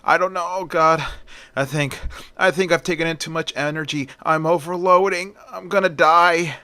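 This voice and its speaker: A man's voice: medium pitch, moderate pace, pushed and bright, no room sound, lightly acted. A man voicing a brash super-powered man who boasts and then pleads for his life. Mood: pleading panicked.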